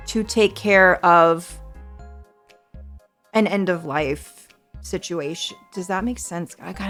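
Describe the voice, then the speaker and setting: A woman's voice: mid-range voice, fairly bright tone. A woman in her forties from the United States, a streamer chatting casually with viewers in an earnest, reassuring way and swearing freely. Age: 40s.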